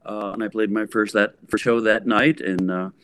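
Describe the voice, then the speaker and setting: A man in his sixties from the Bay Area, a rock guitarist telling a story in a casual interview, lively and full of fillers. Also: on the low side, moderate pace, smooth, no room sound. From San Francisco Bay Area, USA. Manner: animated, acts out voices, lots of fillers.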